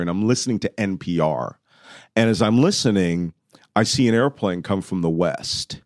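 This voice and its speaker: Low-voiced middle-aged man telling a story. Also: dry recording, studio quality. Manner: vivid, acts out his own past lines, loudly at times. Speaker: podcast guest. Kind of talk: conversational storytelling.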